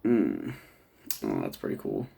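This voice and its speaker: Gravelly man rambling through a show review. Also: a bass voice, huge pitch swings, unhurried, mellow. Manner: rambling, profane, laughs at his own jokes. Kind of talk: casual review monologue.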